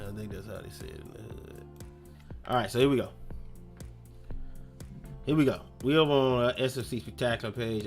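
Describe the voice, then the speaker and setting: His voice is mid-range and a bit bright as this young man chats on his gaming live stream. The talk is loose, slangy, and rambling, full of self-talk, with faint music playing behind him.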